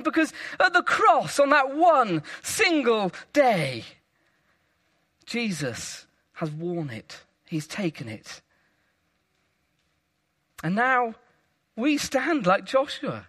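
A man preaching a sermon with dramatic emphasis, rising to loud peaks and dropping to hushed low phrases. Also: sing-song, slow pace, pauses often.

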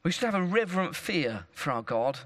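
A man preaches to his congregation with a high, bright voice that keeps leaping up and down. He talks like he is chatting with friends, tells stories and tosses in "isn't it?" and "okay?" to check that people follow. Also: very animated, brisk. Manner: conversational preaching with stories and tag questions. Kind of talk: sermon.

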